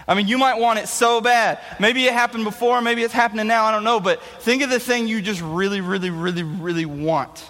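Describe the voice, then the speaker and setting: A young man giving a youth talk, spinning an animated, jokey story to an audience in a large hall. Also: high-pitched, brisk, hardly any pauses. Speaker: youth speaker. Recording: echoey hall reverb.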